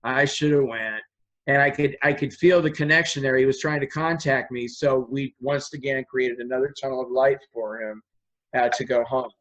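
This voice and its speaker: A man's voice: mid-range voice, steady tone, moderate pace, fairly bright tone, rough recording. A man, a guest on an interview show, telling long stories in an earnest, rambling way. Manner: earnest, rambling, acts out quoted dialogue. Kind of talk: conversational storytelling.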